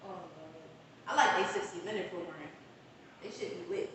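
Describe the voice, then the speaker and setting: A woman's voice: lowish voice, steady tone, moderate pace, fairly bright tone, slight background noise. A woman co-hosting a podcast in casual chat, blunt and slangy with plenty of cursing. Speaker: podcast co-host. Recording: echoey room, far from mic.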